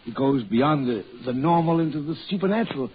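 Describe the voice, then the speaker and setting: An actor playing a fussy, rational family doctor. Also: male voice, on the high side, brisk, close to an everyday voice. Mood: agitated. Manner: soothing, then flustered and excitable. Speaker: radio drama actor. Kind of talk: 1940s radio acting. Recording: dull old radio recording with faint hiss.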